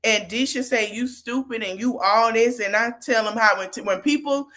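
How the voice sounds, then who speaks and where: Chatty and candid, a podcast host walks through a reality-show argument, voicing each participant's lines in quotes during a casual recap monologue. Her voice is a little high and a bit bright, at a normal speed.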